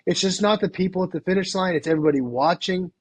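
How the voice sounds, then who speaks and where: A man's voice: sits high, fast talker, breathy edge, no room sound. A man hosting a podcast interview, enthusiastic and rambling, with plenty of fillers. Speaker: podcast host. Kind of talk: casual interview chat.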